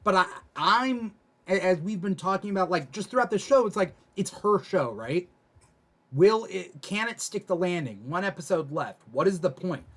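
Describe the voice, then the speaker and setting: Man, aftershow host; slightly high voice, casual, stops and restarts mid-sentence. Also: expressive. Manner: reads viewer comments aloud, halting restarts. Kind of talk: casual panel discussion.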